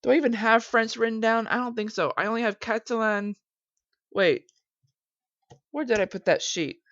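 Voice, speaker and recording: A woman's voice: a little high, moderate pace, a bit bright, no echo. Woman, casual game commentary, chatty, self-mocking, dry dull lo-fi sound. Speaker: gameplay commentator.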